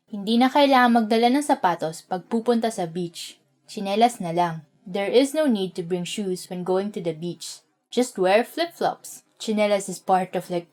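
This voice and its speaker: A young woman with a Filipino accent, teaching vocabulary in a relaxed, chatty way, often saying "like". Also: mid-range voice. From Philippines. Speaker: language teacher. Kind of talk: casual vocabulary lesson.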